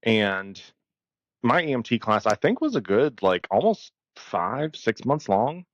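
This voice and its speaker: A man's voice: mid-range voice, very animated, unhurried, no echo, lo-fi sound. A man co-hosting a podcast about emergency medicine, speaking bluntly and with firm opinions, now and then swearing. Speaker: podcast co-host. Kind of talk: casual podcast conversation.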